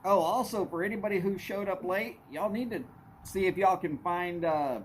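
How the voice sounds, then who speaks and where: A man's voice: sits high, normal speed, slight background noise. A man hosting a casual livestream, chatting with viewers and greeting them by name. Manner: greets viewers by name, folksy drawl, y'all. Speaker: livestream host.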